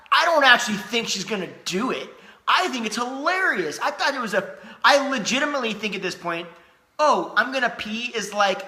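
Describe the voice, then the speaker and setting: A man with a high, very bright voice tells a funny story with his wife, animated and quick to laugh, with plenty of restarts. The room sounds echoey. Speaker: podcast co-host. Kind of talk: casual storytelling chat.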